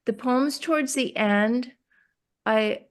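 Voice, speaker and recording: Woman, New York accent, poet, casual interview talk, halting, restarts a lot. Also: fairly high pitch. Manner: halting, searching for words with many restarts. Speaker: poet discussing her new book.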